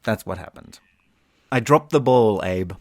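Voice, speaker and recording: This English teacher co-hosts a language-learning podcast in a relaxed, playful way, joking around and putting on silly voices. He speaks in a lowish, darkish, expressive voice without hurrying, and the studio-quality recording has no room sound.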